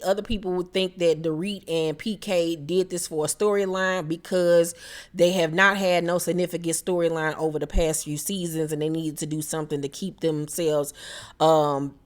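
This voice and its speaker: A young woman hosting a casual, blunt reality TV recap, swearing and throwing in exaggerated mock reactions. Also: on the low side. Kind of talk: casual commentary.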